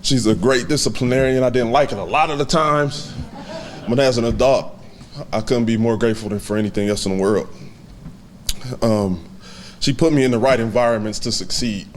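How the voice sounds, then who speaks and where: A man in his twenties giving a heartfelt, halting acceptance speech to a banquet audience, with many fillers. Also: medium pitch, a little hiss or hum. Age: 20s. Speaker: hall of fame inductee giving a speech.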